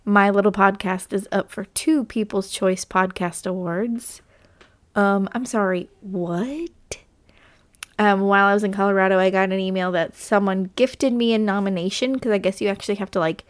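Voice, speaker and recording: A woman's voice: medium pitch, fairly even intonation, normal speed. A woman hosting her own podcast, talking in a rambling, chatty way, her voice scratchy from allergies. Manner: rambling, chatty, with many fillers. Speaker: podcast host. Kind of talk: casual solo podcast chat.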